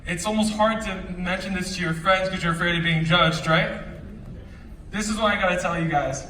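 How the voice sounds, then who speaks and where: Brief: young male stage speaker, high voice, energetic and joking, echoey hall with an audience. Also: a little fast, recorded from a distance, a little hiss or hum. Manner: energetic, joking, chatty slang. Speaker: motivational speaker. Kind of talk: stage storytelling talk.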